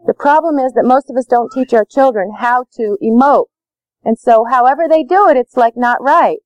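A woman's voice: sits high, normal speed, a little mellow, no echo, rough recording. A woman leading a parenting workshop, talking emphatically with lots of repetition. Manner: emphatic, repetitive, acts out dialogue. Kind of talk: live workshop talk.

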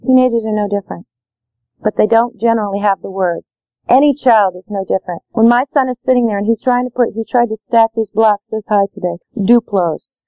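A woman's voice: medium pitch, fairly quick, warm tone, no echo, rough recording. A woman leading a parenting workshop, talking emphatically with lots of repetition. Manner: emphatic, repetitive, acts out dialogue. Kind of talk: live workshop talk.

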